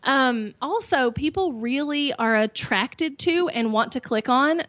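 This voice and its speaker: Woman, bubbly and over the top, slightly high voice, dry muffled call audio. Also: expressive, unhurried, fairly bright tone, dry recording. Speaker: guest, YouTube coach. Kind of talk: casual interview chat.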